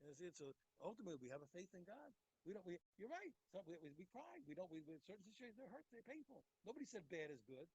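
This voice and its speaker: Fast and with few pauses, a rabbi leads his daily Talmud class with passion, his high voice swinging widely in pitch, slightly mellow with a breathy edge. Emphatic and repetitive, he addresses his listeners directly in this Torah class, captured on a low-quality recording.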